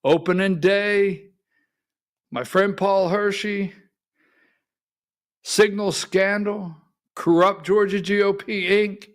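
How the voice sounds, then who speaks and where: A man's voice: sits high, level tone, takes it slowly, pauses often. A middle-aged man hosting a political talk radio show from a studio, folksy and calling on his producer for clips.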